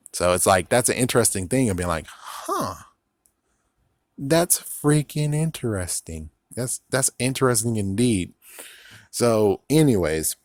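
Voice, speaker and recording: A man's voice: on the low side, no room sound, studio quality. A man casually reviewing a TV series, rambling and sarcastic, swearing often and repeating "it's like". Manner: profane, sarcastic, incredulous.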